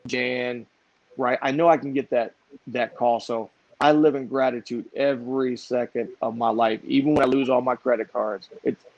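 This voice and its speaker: A man's voice: medium pitch, no echo. Emphatic middle-aged man preaching purpose. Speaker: guest, motivational speaker and author. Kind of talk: motivational storytelling interview. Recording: dull muffled dry audio.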